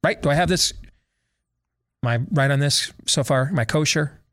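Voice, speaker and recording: A man's voice: fairly high pitch, normal speed, fairly bright tone. An American man hosting a talk show, delivering a sarcastic monologue full of rhetorical questions and leading questions to his co-hosts. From United States.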